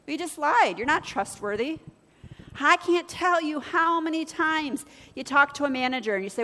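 A woman's voice: high-pitched, moderate pace, long reverb tail. A woman pastor preaching a sermon, telling stories and acting out both sides of conversations. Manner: storytelling, acts out dialogue with lively shifts.

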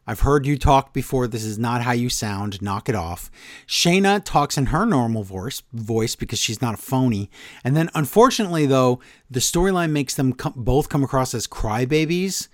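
A man co-hosting a wrestling podcast, talking in a casual, exasperated, animated way with quick asides. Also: mid-range voice, dry recording, clean studio sound. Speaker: podcast co-host.

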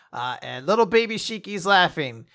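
A man co-hosting a casual podcast, recapping a story and acting out characters' lines in quick put-on voices. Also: high-pitched, very animated, gravelly, pushed and bright, no room sound, clean studio sound. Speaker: podcast co-host recapping manga. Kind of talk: casual chat.

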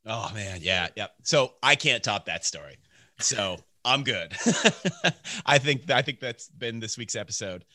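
A man hosting a casual podcast chat, lively and affirming and quick to laugh. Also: medium pitch, dry recording, studio quality. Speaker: podcast host.

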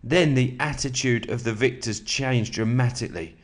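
Man with a slightly sore throat. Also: mid-range voice. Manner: relaxed, matey, reads at an even measured pace. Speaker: podcast host. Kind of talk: casual chat and reading aloud from a book.

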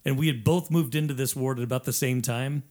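A middle-aged man with a voice of ordinary pitch spins stories from his years in improv comedy. He acts out the people in his tales and breaks into laughs as he goes, in the easy back-and-forth of a casual chat. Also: brisk. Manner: animated storyteller who acts out what people said and laughs between lines. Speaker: improv comedy troupe performer and guest. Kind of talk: casual podcast chat, storytelling.

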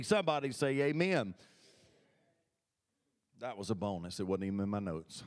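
A man's voice: medium pitch, animated, moderate pace, pauses often. A man preaching a sermon as pastor, talking conversationally and calling for responses from the congregation. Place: church sanctuary.

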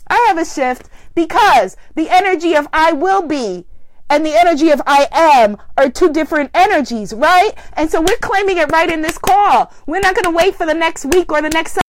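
A woman hosts a spiritual group call, giving an animated, preacherly talk that affirms her listeners. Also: very high-pitched, moderate pace, slight background noise. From Guyana. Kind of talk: inspirational live talk.

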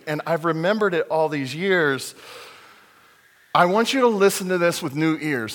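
A man, a pastor, giving a sermon with slow, emphatic storytelling. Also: fairly high pitch, fairly bright tone. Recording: long hall reverb.

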